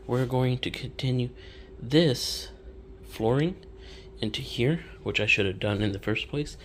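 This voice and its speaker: A man's voice: on the low side, a little hiss or hum. A young man, casually touring his home office in a vlog, his breathing audible as he talks.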